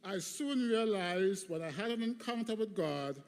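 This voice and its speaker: Long hall reverb surrounds this man in his fifties as he gives a preached commencement address in a large graduation hall. He is emphatic and uses rhythmic repetition, his voice sitting high with lively intonation at a slightly slow pace.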